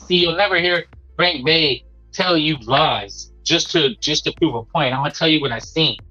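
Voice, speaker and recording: This boxing talk host's high voice comes out pushed and bright as he lectures emphatically in a relaxed commentary monologue, repeating points and peppering in "man." Faint background music plays under the dull, lo-fi recording.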